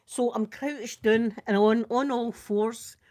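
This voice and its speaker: Woman, older, Scottish accent, live makeup vlog, casual animated storytelling. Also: fairly high pitch, slow. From Scotland. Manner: animated storyteller, acts out screams and quotes. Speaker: makeup vlogger.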